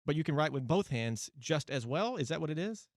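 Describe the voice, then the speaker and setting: A man's voice: fairly high pitch, animated, fairly quick, no echo. A man hosting a radio interview, eager and playful, firing off questions in a studio. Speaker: radio host.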